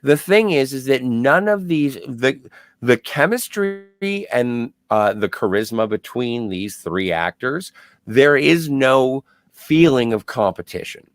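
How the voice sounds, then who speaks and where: A man with a mid-range voice that swings lively up and down as he jumps in with eager takes on a movie in a casual review chat. The recording is dry and close. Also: mid-range voice, slow pace, no room sound. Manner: enthusiastic, chimes in with opinions. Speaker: podcast co-host.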